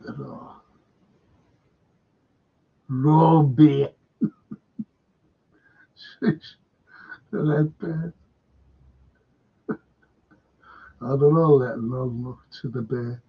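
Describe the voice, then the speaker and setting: A man's voice: medium pitch, slightly rough, phone-quality sound. A man with a Liverpool accent hosting a casual live stream, chatting and reading out viewer comments. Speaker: fan channel host.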